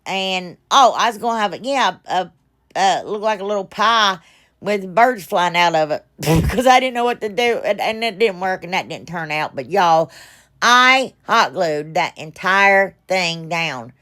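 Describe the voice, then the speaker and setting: A woman's voice: mid-range voice, animated, unhurried, fairly bright tone. A middle-aged woman, narrating her craft project in a rambling, chatty, self-deprecating way full of fillers. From United States. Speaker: craft channel host. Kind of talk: casual crafting voice-over.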